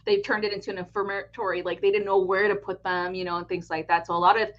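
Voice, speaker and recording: A middle-aged woman co-hosting a spiritual chat, telling an animated story, with a dull lo-fi stream sound. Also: mid-range voice. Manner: animated storytelling, quick laughs. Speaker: spiritual reader co-host. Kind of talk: casual chat on a live stream.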